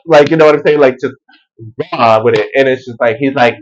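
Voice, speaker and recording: A man giving a casual spiritual tarot reading, animated and rambling in everyday slang. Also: mid-range voice, a little fast, dull audio. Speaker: tarot reader.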